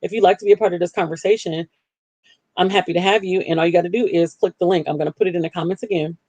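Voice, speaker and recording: A woman hosting a live call-in broadcast, talking candidly and self-deprecatingly about her own life. She jumps up in pitch to act out her past self. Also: fairly even intonation, racing, dark tone, dry recording, lo-fi sound. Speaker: livestream host.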